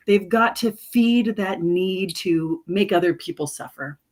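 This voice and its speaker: A woman's voice: mid-range voice, a little slow, darkish tone. A woman guest expert answering interview questions frankly and thoughtfully, with some fillers.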